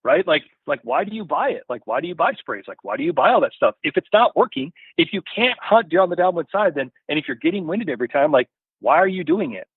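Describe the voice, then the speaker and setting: A slightly high-voiced man rambles through a story as a podcast guest, leaning on fillers and "you follow?". His voice comes through a tinny phone line. The sound is dry and close. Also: very animated, fast, breathy edge, no echo. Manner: rambling, full of "you know" and "right?" tags. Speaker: podcast guest from a hunting gear company. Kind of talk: casual storytelling in an interview.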